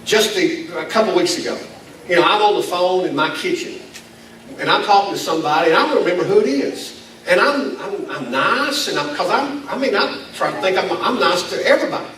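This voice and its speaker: Man, pastor, folksy self-deprecating sermon, fairly high voice, distant mic. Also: animated, fairly quick, a bit bright. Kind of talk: conversational sermon. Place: church meeting in a school building. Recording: echoey hall, distant mic, faint noise.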